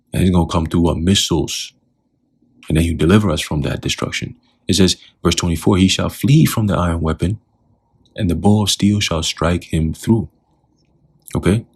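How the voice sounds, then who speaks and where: A man's voice: sits low, vocal fry, slightly rough. A man teaching scripture in a loose, talkative way, often putting questions to the listener.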